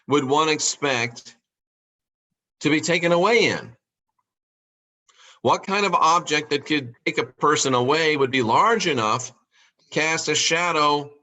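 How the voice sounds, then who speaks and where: A man delivers a podcast monologue in a slightly high, sharp, forceful voice. He builds his case with rhetorical questions, repeats key phrases, and slows right down to lean on the words he wants to stress. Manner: rhetorical questions, emphatic repetition. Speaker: podcast host. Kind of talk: monologue on scripture.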